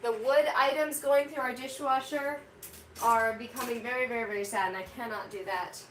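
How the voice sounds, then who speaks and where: A woman's voice: fairly high pitch, steady tone, normal speed, fairly bright tone. A woman hosting a casual cooking vlog, chatting to viewers in a rambling way full of "like" while she works in her home kitchen. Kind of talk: casual chat to live viewers. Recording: roomy kitchen, distant mic, audible background noise.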